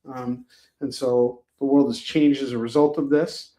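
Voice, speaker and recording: On a live shopping stream, a male host banters with viewers by name, pitching items between jokes about himself. He sounds mellow and level, in no hurry.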